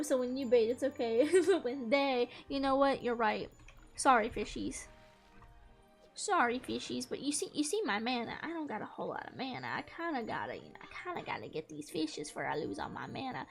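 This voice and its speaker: Young woman, high-pitched voice, mock-annoyed gaming chatter, faint music behind. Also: gravelly. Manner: playful, mock-exasperated, talks to the fish. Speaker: gaming streamer. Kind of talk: casual gameplay commentary.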